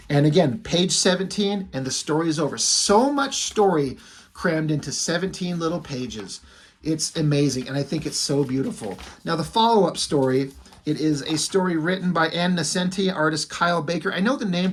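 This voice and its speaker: A man's voice: on the high side, slight background noise. A man in his forties giving a casual, enthusiastic and profane comic book review, retelling the plot with quoted lines. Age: 40s.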